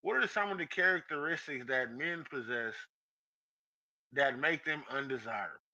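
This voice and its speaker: A man's voice: medium pitch, normal speed, sharp tone, lo-fi sound. A man hosting a casual live podcast, teasing his listeners and calling them out by name, laughing often. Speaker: podcast host. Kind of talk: casual live-stream chat.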